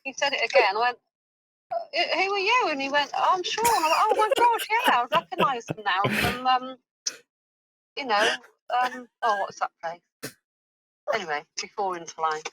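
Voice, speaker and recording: A woman's voice: high voice, lively intonation, moderate pace, pauses often, a bit bright, slight background noise, poor audio. A middle-aged woman, telling a rambling, flustered story in a voice message, full of fillers. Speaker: host's mother, in a voice message.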